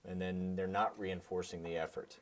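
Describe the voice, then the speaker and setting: A man hosting a podcast, asking short, relaxed questions in casual interview talk. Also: low voice, moderate pace. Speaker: podcast host.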